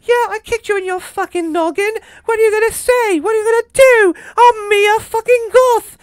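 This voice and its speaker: A shrill, taunting young actress with a tiny, mouse-like voice. She squeaks way up high, sneering. The sound is close and dry. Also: steady tone, moderate pace, no room sound. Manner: mocking, shrill, falsetto squeak.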